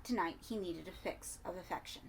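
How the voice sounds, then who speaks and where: Woman reading a dark story, quiet hiss. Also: fairly low pitch, a little fast, gravelly. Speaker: audiobook reader. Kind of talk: scripted horror narration.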